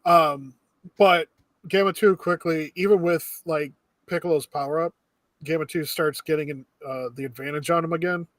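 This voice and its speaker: Higher-voiced young man, dry sound. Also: normal speed, dry recording. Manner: relaxed plot recap with many fillers. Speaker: podcast co-host. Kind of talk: casual movie review chat.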